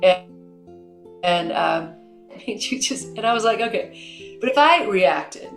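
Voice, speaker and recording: A middle-aged woman hosting a podcast, telling stories in an animated way and acting out the dialogue. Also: mid-range voice, slow, roomy sound, soft background music. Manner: animated storyteller, acts out dialogue. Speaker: podcast host. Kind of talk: conversational interview.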